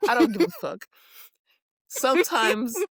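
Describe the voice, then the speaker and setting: A woman co-hosting a podcast in casual chat, her pitch swinging freely as she retells a story and slips into quick impressions. She speaks into a close mic in a dry room with no echo. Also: breathy edge. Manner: animated storytelling with impressions and frequent laughter. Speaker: podcast co-host.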